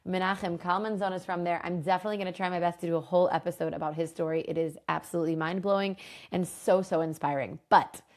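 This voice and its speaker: Animated woman telling a Bible story. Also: fairly low pitch, quick pace. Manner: animated, enthusiastic, chatty. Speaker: host and Bible teacher. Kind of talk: casual storytelling lesson.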